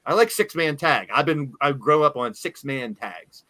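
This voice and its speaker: A man's voice: medium pitch, animated, normal speed, fairly bright tone, no room sound. A man hosting a casual wrestling podcast, rambling through thoughts with restarts and easy laughs. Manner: rambling, self-interrupting, laughs easily. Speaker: podcast host.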